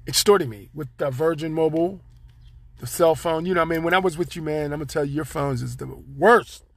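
A man's voice: sits high, fairly bright tone, no room sound. A man hosting his own podcast, rambling and joking in loose slang straight to his listeners. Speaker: podcast host. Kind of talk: casual solo monologue.

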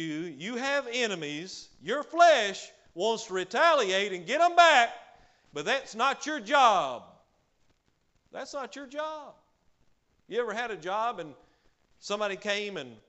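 Emphatic male preacher, high-pitched. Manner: emphatic, swings between loud declarations and quiet asides; peppers speech with hallelujah. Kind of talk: sermon.

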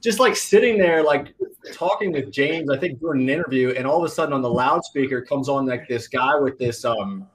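An American man, a guest on a podcast, chatting in a relaxed way with plenty of "like" fillers. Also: medium pitch, fairly quick, a little hiss or hum. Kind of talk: casual chat.

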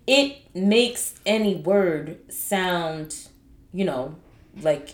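A woman's voice: mid-range voice, slow pace. A woman co-hosting a podcast, chatting casually and ranting animatedly with laughter. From Haitian family. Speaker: podcast co-host. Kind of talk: casual chat. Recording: echoey room.

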